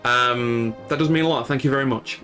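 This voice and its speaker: This medium-pitched, sharp-toned man speaks fairly quickly in a Yorkshire accent, rambling casually to those watching his stream live. He comes from Yorkshire in northern England, his talk is dotted with fillers and restarts, and soft music plays underneath.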